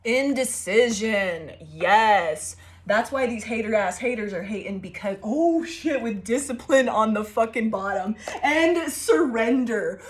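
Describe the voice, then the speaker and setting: A woman giving a casual tarot reading to her viewers, playful and profane, often breaking into laughter. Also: fairly high pitch. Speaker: tarot reader.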